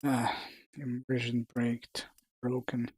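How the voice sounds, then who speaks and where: A man's voice: mid-range voice, completely flat delivery, takes it slowly, noisy background. A man streaming a video game live, giving casual commentary. He swears freely and laughs at what happens on screen.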